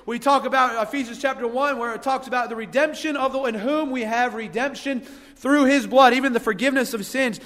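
A man preaching a folksy sermon who reads scripture slowly and with emphasis. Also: very high-pitched, a bit bright, long reverb tail. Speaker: guest preacher. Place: church hall.

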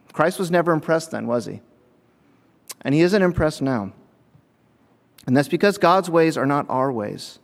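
A man preaching a sermon, telling a story and acting out the voices of people in it. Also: mid-range voice. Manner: storytelling, acts out voices in quotes. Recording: long hall reverb.

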